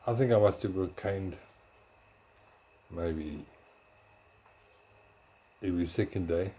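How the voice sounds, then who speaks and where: A man telling stories from his school days in a rambling, casual way. He corrects himself and searches his memory aloud, sometimes talking softly. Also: low-pitched, takes it slowly, husky, poor audio. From South Africa. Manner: talks softly at times. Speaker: blogger. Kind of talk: casual storytelling.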